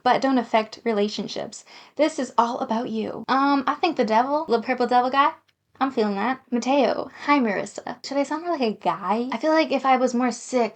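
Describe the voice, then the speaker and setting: A woman reading a dating game aloud and commenting in a chatty, self-deprecating, giggly way. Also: on the high side. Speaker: gaming YouTuber.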